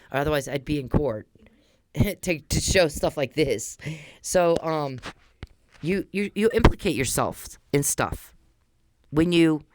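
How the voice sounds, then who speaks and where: A woman's voice: low-pitched, no echo. A woman hosting a podcast, telling a rambling, heated story at speed and swearing freely. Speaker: podcast host. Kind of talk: casual monologue.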